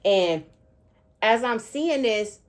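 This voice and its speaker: A middle-aged woman, a spiritual seer, telling a dream in an emotional, repetitive way and often pausing to ask "okay?". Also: a little high, lively intonation, a little hiss or hum. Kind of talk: spiritual storytelling monologue.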